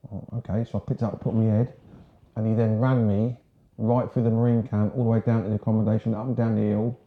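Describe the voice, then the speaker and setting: A man's voice: fairly low pitch, flat delivery, quick pace, phone-quality sound. Chatty older English man, roomy sound. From Sussex, England. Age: 60s. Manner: chatty, rambling, frank. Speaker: guest, ex-marine. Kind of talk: casual interview storytelling.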